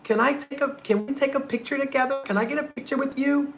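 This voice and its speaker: A man mockingly imitating another man's high, simpering voice as he begs for a photo. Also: steady tone, fast, soft background music.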